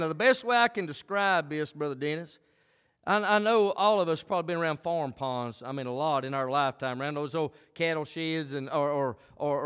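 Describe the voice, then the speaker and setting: A man preaching a sermon as pastor, animated and swinging between quiet talk and shouting. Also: on the high side, smooth. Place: church. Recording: long hall reverb.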